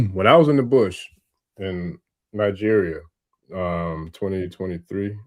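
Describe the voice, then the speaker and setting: A man hosting a livestream on a video call, relaxed, chatting in rambling asides. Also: deep voice, takes it slowly. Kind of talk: casual livestream conversation.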